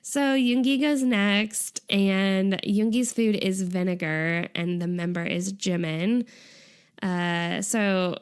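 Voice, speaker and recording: This podcast co-host is a young woman with a mid-range, clean voice that stays steady and slow. She's chatting casually about a variety show, recounting its events breezily, giggling often and dropping "like" again and again.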